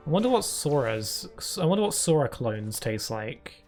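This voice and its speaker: A man's voice: mid-range voice, sing-song, moderate pace, creaky, few pauses, darkish tone, faint music behind. A British man streaming a video game, chatting and rambling through casual commentary with frequent giggles.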